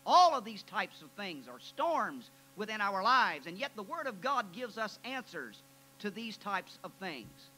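A male preacher delivering a sermon, telling folksy stories that build into loud, emphatic preaching. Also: high-pitched, very animated, a little slow. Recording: noisy 1993 archive tape with hum.

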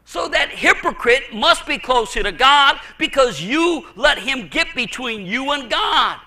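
High, bright-voiced fervent male preacher. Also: animated, unhurried. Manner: fervent preaching with frequent stammered repeats. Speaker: pastor. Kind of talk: sermon.

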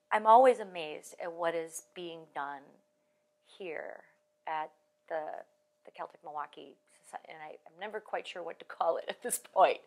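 A woman musician in an oral history interview, talking in a lively, joking way in an archive room. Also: on the low side, creaky. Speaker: Irish musician.

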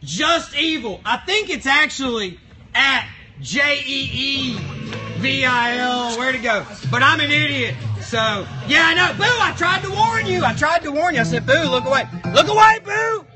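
A man voicing a crude, foul-mouthed, grumpy male box monster who hosts a live stream with shouty, mock-outraged rants. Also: very high voice, animated, unhurried, low-quality recording. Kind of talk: live stream chat in character. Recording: music playing behind the voice.

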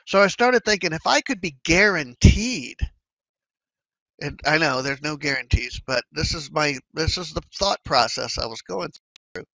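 Man, fairly high bright voice, conversational trading educator, animated, dry close sound. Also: measured pace, gravelly, no room sound, low-quality recording. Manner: conversational, animated, acts out inner thoughts. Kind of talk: casual explanatory talk.

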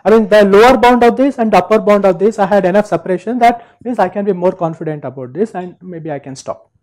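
A male university lecturer explaining step by step, checking in with listeners and pausing on fillers. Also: sits high, darkish tone, poor audio. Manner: explains step by step, frequent "right?" and "uh".

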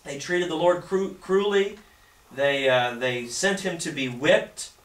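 A male pastor preaching a sermon and reading scripture aloud, often halting and repeating words. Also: fairly high pitch, lively intonation. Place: church sanctuary. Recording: echoey church from a distance.

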